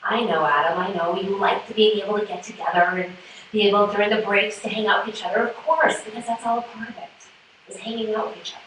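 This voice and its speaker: Woman rabbi, bright higher voice, emotional and tearful, picked up from afar in an echoey sanctuary. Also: steady tone, fast talker, recorded from a distance, slight background noise. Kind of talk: sermon to confirmation class. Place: synagogue sanctuary.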